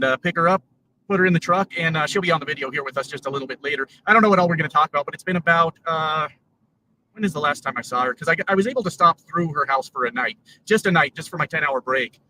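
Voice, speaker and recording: A man talking to his viewers while driving his truck, rambling with lots of fillers. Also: on the high side. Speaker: trucker YouTuber. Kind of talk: casual vlog while driving. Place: truck cab on the road. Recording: distant mic, road noise.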